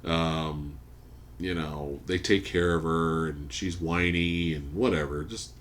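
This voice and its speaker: A man hosting a podcast, casually recapping a movie plot as an animated storyteller who swears freely. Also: a bass voice, slow, a little hiss or hum. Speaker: podcast host. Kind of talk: casual movie review chat. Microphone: studio podcast mic.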